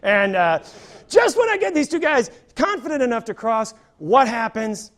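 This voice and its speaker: A male stand-up comedian telling a story on a theater stage, animated and acting out the people in it. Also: very high-pitched, moderate pace. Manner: animated, acts out characters.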